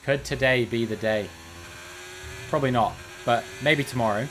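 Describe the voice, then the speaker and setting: A man's voice: mid-range voice, moderate pace, pauses often, noisy background. A man streaming live, giving casual, joking commentary while he plays, with rambling sarcastic asides.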